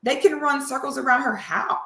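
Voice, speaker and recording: A woman with a slightly high voice reacts to clips in a sassy, drawling, animated way. The room around her is echoey. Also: normal speed, gravelly. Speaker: commentary host. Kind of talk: reaction commentary.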